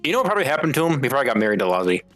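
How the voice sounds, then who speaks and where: Man, co-host, casual banter, quick, joking. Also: medium pitch, very animated, fairly bright tone, soft background music. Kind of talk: casual stream chat.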